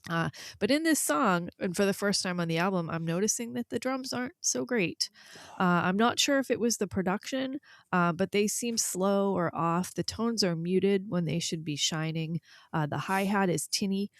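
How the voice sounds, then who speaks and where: A woman co-hosting a music review podcast in casual chat, candid and quick to laugh. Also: mid-range voice, dry recording. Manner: candid, laughs easily, blunt opinions. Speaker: podcast co-host reviewing albums.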